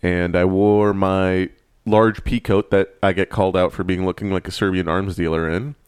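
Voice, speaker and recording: A man's voice: low-pitched, little pitch movement, moderate pace, a little mellow, clean tone, no room sound, clean studio sound. A man from San Francisco co-hosting a casual chat, wry and rambling. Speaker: podcast co-host.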